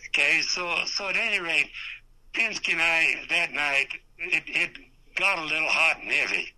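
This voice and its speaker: A man's voice: fairly high pitch, animated, normal speed, pushed and bright, poor audio. A man, a former race car driver, telling a rambling and profane story in an interview, stammering and restarting often. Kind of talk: anecdote told in an interview.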